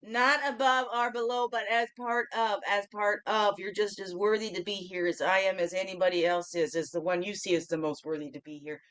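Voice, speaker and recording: A woman hosting a daily reflection show, chatting through her spiritual card reading. She keeps asking "okay?", laughs often and swings from loud bursts to soft asides. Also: medium pitch, fairly even intonation, a little fast, hardly any pauses.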